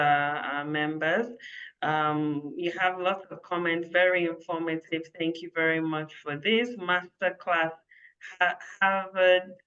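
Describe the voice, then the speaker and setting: A woman's voice: low voice, fairly bright tone. A woman moderating an online event over a video call, thanking the speaker and reading out questions with many fillers. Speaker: host. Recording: dull lo-fi call audio.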